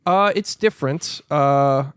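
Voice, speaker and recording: A man's voice: fairly high pitch, slow pace, fairly bright tone, smooth, no echo, clean studio sound. A man co-hosting a film podcast in rambling, profane, laugh-filled casual chat. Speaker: podcast co-host.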